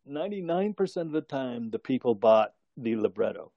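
A man's voice: medium pitch, sing-song, a little fast, creaky, dry recording, muffled recording. An older man telling a long story in casual conversation, rambling, chuckling and correcting himself as he goes.

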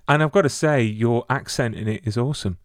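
A man's voice: medium pitch, brisk, dry recording, studio quality. A man hosting an interview, asking questions while often stumbling and repeating words. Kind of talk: casual interview chat.

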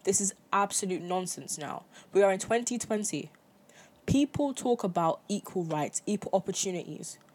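A woman's voice: mid-range voice, lively intonation, normal speed, a little mellow, slightly rough. A young adult woman hosting her own podcast, giving an impassioned opinion monologue full of emphatic repetition. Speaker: podcast host.

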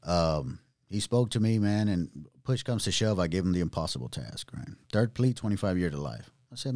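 A man sharing his own testimony in casual chat, animated, using street slang and acting out other people's voices. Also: low-pitched, moderate pace, no echo, studio quality.

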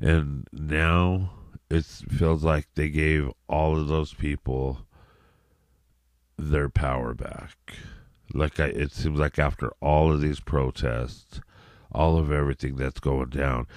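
Very deep-voiced man ranting. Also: steady tone, slow, darkish tone, dry recording, studio quality. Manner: rambling, profane, repeats words and restarts, frequent "you know what I mean". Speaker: podcast host. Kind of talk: casual solo podcast rant.

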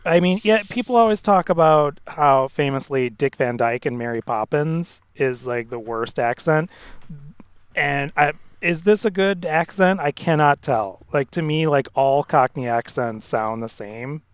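Man, podcast co-host, smooth resonant voice, dry close sound, halting, wry. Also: fairly high pitch, no echo. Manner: halting, lots of "like", wry tangents. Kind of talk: casual podcast chat.

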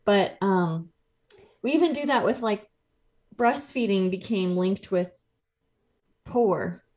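A woman's voice: medium pitch, lively intonation, slow, darkish tone. Chatty woman explaining nutrition. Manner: explanatory, chatty, laughs easily. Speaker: nutrition coach, podcast co-host. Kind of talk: casual podcast chat.

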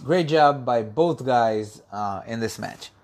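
A man's voice: mid-range voice, slow pace, a little mellow. A man hosting a solo podcast, talking loosely with lots of ums and uhs and repeating words as he corrects himself. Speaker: podcast host. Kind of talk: casual solo podcast review.

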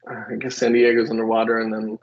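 A man co-hosts a casual podcast about comics, acting out quotes amid frequent laughter and plenty of fillers. His voice is fairly low, monotone, and quick, and the audio is dull with slight background noise.

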